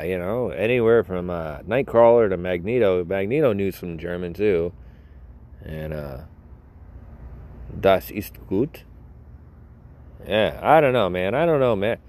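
A man's voice: sits low, darkish tone. A young man hosting a podcast alone, rambling and joking at himself in casual chat. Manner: rambling, jokey, self-mocking. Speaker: podcast host. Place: outdoors.

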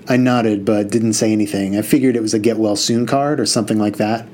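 A man's voice: lowish voice, fairly even intonation, fast talker, few pauses, a little mellow, slight background noise. A man narrating a first-person novel in an earnest, conversational way. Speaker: audiobook narrator.

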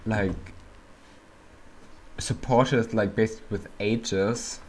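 A German-accented man hosting a podcast over a remote call, his voice sitting very low. He talks slowly, hesitating and rambling through fillers and restarts. A faint hum of noise sits behind him. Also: steady tone. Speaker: podcast host. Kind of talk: casual chat. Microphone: remote call mic.

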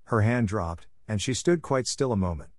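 Low-voiced male audiobook narrator. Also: lively intonation, moderate pace, no room sound, studio quality. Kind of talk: scripted narration for language learners.

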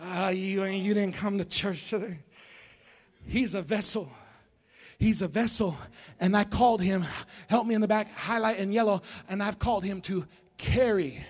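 A man preaching a sermon as pastor to a congregation in a church, calling out to the listeners and swinging from low talk to shouting. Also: moderate pace. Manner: call-and-response preaching, dropping low then building to shouts. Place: church sanctuary before a congregation.

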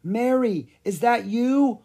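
A storybook reader voicing a gentle, concerned old male wizard who asks soft questions. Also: mid-range voice, lively intonation, normal speed, husky, voice pushed up.

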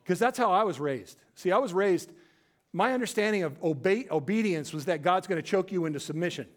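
Animated and fairly quick, this male preacher tells his sermon as a story, acting out quoted voices and lowering to a quiet hush to make things stand out.

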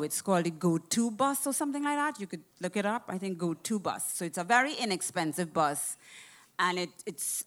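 A woman telling a personal travel story in a casual, animated way, swearing freely. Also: lowish voice. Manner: animated, profane, acts out quoted voices.

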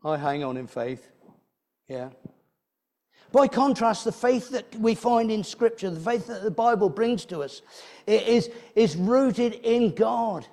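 A man with a fairly high voice delivers a sermon in a church. He talks in a conversational way, puts rhetorical questions to his listeners and often restarts his phrases. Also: expressive, measured pace, a little mellow. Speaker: preacher.

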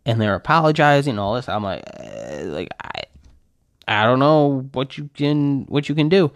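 A man chats alone on his podcast, loose and rambling, piling up filler words as he tells a story. His voice sits in a middle pitch. The sound is dry, with no room echo. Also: sing-song, normal speed. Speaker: podcast host. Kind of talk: casual solo podcast chat.

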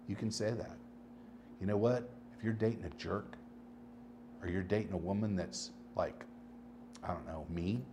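A man hosting his own podcast, talking casually and rambling through stories, swinging between animated bursts and low asides. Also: unhurried, noisy background. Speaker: podcast host. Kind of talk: casual solo podcast monologue.

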